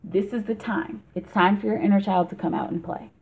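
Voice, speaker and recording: A woman's voice: medium pitch, fairly even intonation, brisk, darkish tone. A woman giving a casual tarot reading for a vlog, chatty and emphatic, laughing often. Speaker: tarot reader. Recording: tinny phone-like sound.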